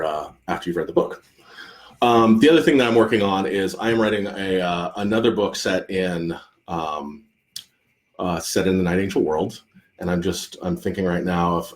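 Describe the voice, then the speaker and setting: A man, an author hosting a live Q&A stream, chatting casually and rambling with many restarts and fillers. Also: low voice. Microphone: computer or phone mic on a live stream.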